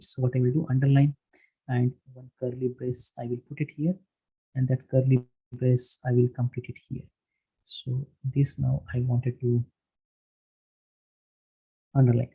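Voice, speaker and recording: A man leads an online screen-share lesson, walking through each step with frequent pauses, fillers and restarts. His voice is mellow and a little husky, at a middle pitch. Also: low-quality recording. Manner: halting, many fillers and restarts, explains step by step. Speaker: workshop instructor. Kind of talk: screen-share tutorial lecture. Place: online session, voice from his own room.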